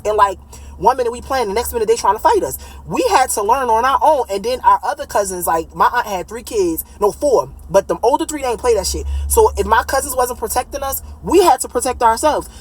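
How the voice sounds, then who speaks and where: A woman in her late thirties telling a personal story in a casual, blunt, animated way, swearing freely. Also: medium pitch, slight background noise, poor audio. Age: late 30s.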